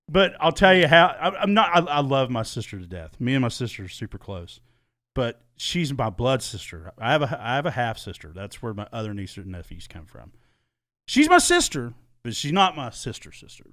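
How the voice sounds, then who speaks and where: A man's voice: medium pitch, moderate pace. A middle-aged man hosting a podcast, telling a story casually and swearing freely. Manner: animated, swears freely, laughs. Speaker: podcast host.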